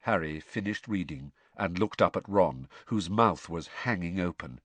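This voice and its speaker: A man narrating an audiobook in an expressive, measured way. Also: deep voice, no room sound.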